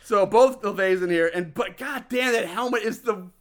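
A man co-hosting a casual podcast, recapping a movie scene by scene in an animated, profane way and laughing often. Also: sits high, moderate pace. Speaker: podcast co-host recapping a film. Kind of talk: casual chat.

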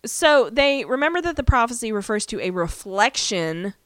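A woman's voice: on the high side, moderate pace, dry recording, clean studio sound. A woman co-hosting a podcast, casually recapping a TV episode and briefly acting out characters' lines as she retells it. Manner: animated, acts out characters' lines while retelling. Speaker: podcast co-host.

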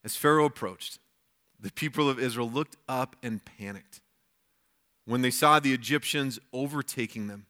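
A man pastor giving a weekend sermon, reading scripture aloud and explaining it in a conversational way with lively asides. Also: medium pitch, moderate pace. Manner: conversational, with frequent restarts and acted asides.

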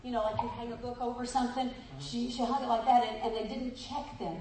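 A woman's voice: a little high, level tone, brisk, darkish tone, slight background noise. A woman preaching a sermon, exuberant and laughing, reading a story aloud and talking straight to her listeners. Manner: exuberant, laughing, speaks to the congregation directly. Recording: echoey room from far off.

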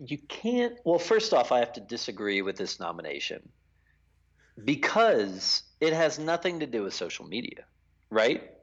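A man's voice: mid-range voice, sing-song, unhurried, highs cut off. A man co-hosting a casual sports chat, ranting animatedly with lots of fillers. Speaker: podcast co-host.

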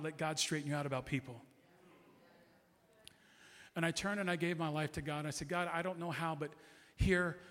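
A middle-aged man preaching a sermon as a guest pastor, passionate and repetitive in his declarations, in a church sanctuary. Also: a little high. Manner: impassioned preaching with repeated declarations. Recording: long hall reverb.

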